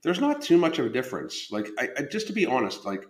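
A fitness coach who also hosts a podcast runs a casual live stream from a room at home, talking about his coaching in a loose, profane way and constantly cutting himself off to start sentences over. His mid-range voice swoops wildly in pitch and he talks fast. The room gives the recording a roomy echo.

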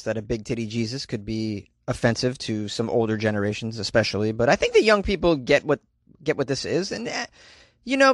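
A man's voice: medium pitch, fairly bright tone, no room sound. A man hosting comedic news commentary, reading stories and adding wry, joking asides in a chatty manner. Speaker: host.

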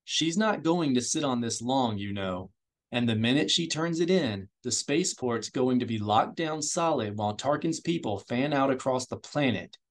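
A man's voice: medium pitch, lively intonation, normal speed, lightly acted. A man voicing a nervous, surly young male thief who growls his lines harshly and defensively.

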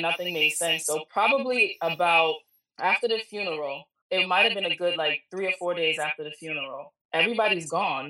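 Woman, 40s, interview guest: low, forceful, candid storyteller recorded in a roomy space. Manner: candid, animated, quotes people mid-story. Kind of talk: emotional personal storytelling. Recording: echoey room, distant mic.

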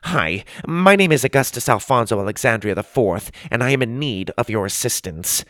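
A man's voice: medium pitch, animated, normal speed, fairly bright tone, dry recording, clean studio sound, natural voice. A man voicing a proud seven-year-old boy genius inventor who talks in formal, showy words. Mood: pompous.

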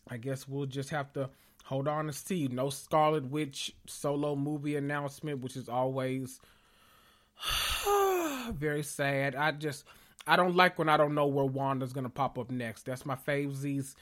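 A man hosting a casual podcast, excitable and swearing freely as he calls out to listeners, a little out of breath and sweating after a big meal. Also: medium pitch, normal speed. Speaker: podcast host. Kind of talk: casual pop-culture recap podcast.

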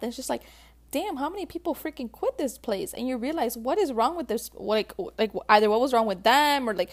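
A woman speaking in a somewhat high voice, talking straight to her viewers in a casual, heartfelt way. She is chatty and emotional, with plenty of fillers and friendly pet names. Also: animated, a little fast. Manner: chatty, emotional, calls viewers sis and babe, many likes. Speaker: vlogger giving relationship advice.

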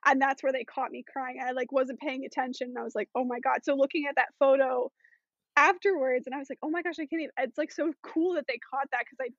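A woman's voice: high voice, fairly even intonation, quick pace, fairly bright tone, no room sound, lo-fi sound. A woman talking as a podcast guest in casual chat, chatty with many fillers.

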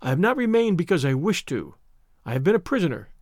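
An eager young captive woman from an old adventure storybook, as a man reads her lines. She talks breathlessly and pleadingly, her voice climbing high and swinging widely. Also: sing-song, fast talker, darkish tone, no room sound, clean studio sound, heavily acted. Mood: earnest.

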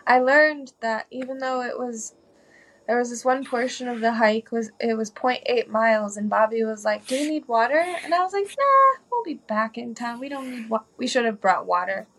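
A woman's voice: on the high side, steady tone, normal speed. Earnest, chatty woman on a podcast. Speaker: podcast guest. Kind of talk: casual conversation.

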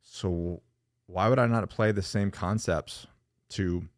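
A man talking quickly and emphatically in a casual podcast conversation, with lots of "like" and "bro". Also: low-pitched, dry recording, clean studio sound.

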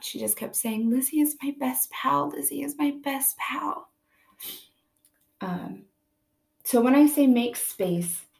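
Gentle, earnest young mother giving advice. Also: mid-range voice. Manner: gentle, earnest, repeats key phrases. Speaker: parent giving advice on children's grief. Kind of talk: informal teaching talk to viewers.

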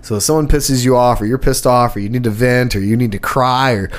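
A man's voice: mid-range voice, brisk. A man who co-hosts a podcast and gigs as a musician, telling band stories in a casual, rambling chat full of restarts. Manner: rambling storyteller with many restarts. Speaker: podcast co-host and gigging musician.

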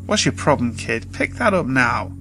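A man voicing a short-tempered woman who shouts and snaps at a child in a horror story, with faint music behind. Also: mid-range voice, very animated, moderate pace. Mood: angry. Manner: snappish, shouting when crossed. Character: short-tempered woman handing out poisoned candy.

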